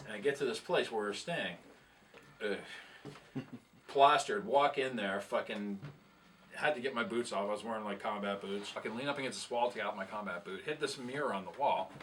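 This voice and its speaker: Heard on a distant mic with slight background noise, a man with a medium-pitched, fairly bright voice spins a long, profane, meandering tour story. He's a guest musician chatting casually and chuckling at himself along the way.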